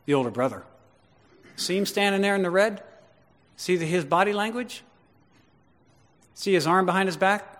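A man's voice: high voice, animated, moderate pace, pauses often, fairly bright tone, in a large hall. A man preaching a sermon, emphatic and full of rhetorical questions.

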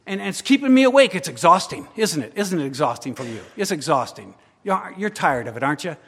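A man's voice: a little high, sing-song, quick pace, fairly bright tone, breathy edge. A man preaching a sermon, acting out a worried believer's voice in the first person. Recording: long hall reverb.

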